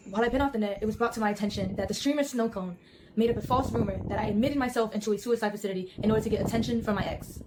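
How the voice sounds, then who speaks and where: Fast-talking young woman's statement. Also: on the high side, very noisy. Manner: fast, formal, earnest. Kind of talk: prepared statement.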